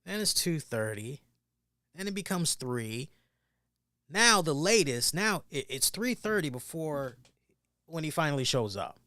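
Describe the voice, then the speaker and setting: Male podcast host, emphatic storytelling, slightly high voice, dry close mic. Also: sing-song, a little slow, long pauses, no echo. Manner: emphatic, acts out quoted voices with loud bursts. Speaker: wrestling show host. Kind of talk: animated storytelling.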